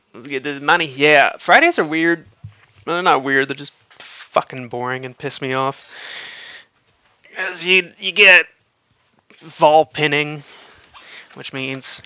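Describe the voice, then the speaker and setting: A man's voice: a little high, gravelly, pushed and bright, no room sound. A man hosting a casual livestream, chatting offhandedly with viewers and swearing freely. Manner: profane, offhand, talks to chat. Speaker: livestream host.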